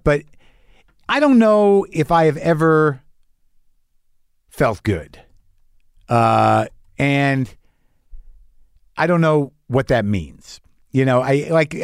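Middle-aged guy doing his podcast opener, kinda high voice, wry and rambly, dead dry sound. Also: dry recording. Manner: rambling, wry, with halting restarts. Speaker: podcast host. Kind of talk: casual monologue.

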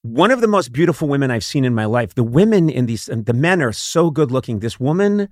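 Animated middle-aged man telling stories on a talk show. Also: mid-range voice, brisk, dry recording, clean studio sound. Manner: animated storytelling, self-mocking. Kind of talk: casual chat.

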